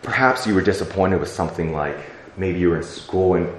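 A man's voice: deep voice, fairly quick, background noise. A young adult man preaching a sermon in a church, talking conversationally with many fillers and acting out prayers. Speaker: pastor. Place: church sanctuary. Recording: echoey church hall, faint ambience.

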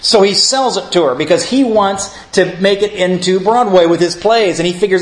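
Storytelling male preacher, higher voice. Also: brisk, few pauses, low-quality recording. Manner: conversational storytelling preacher, rising to emphatic lists. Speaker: pastor. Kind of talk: sermon.

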